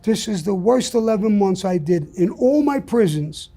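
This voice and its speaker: A man's voice: sits high, expressive, normal speed, mellow, soft background music. An older man telling stories as an interview guest, blunt and profane. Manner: blunt, profane, gravelly storytelling. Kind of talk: storytelling in an interview.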